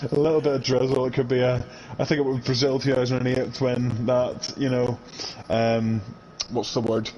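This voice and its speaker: A man giving casual live commentary on an online sim race, chatty and quick to laugh. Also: mid-range voice, flat delivery, a little mellow, dull audio, a little hiss or hum. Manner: chatty, laughs often, reads out viewer comments.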